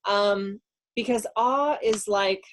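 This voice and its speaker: A woman co-hosting a live online stream, reading a tarot card in a relaxed, reflective way, thinking aloud with many fillers. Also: mid-range voice, takes it slowly, slight background noise. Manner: warm, reflective, talks through ideas with fillers. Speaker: co-host and card reader. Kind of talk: casual live-stream chat.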